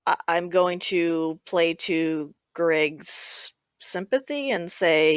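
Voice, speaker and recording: A woman's voice: on the low side, drawn-out words, hardly any pauses, clean tone, no echo, lo-fi sound. A woman playing a tabletop role-playing game, casual and laughing between lines. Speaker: player.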